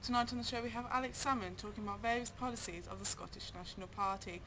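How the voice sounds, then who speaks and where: A woman's voice: mid-range voice, steady tone, fast. A woman presenting an amateur mock news show, reading in a plain way. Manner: plain read-aloud delivery. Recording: background noise.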